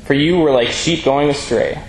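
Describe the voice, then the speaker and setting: A man preaching a sermon in an earnest, measured way, reading scripture aloud between his points. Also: a little high. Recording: echoey room with faint ambient noise.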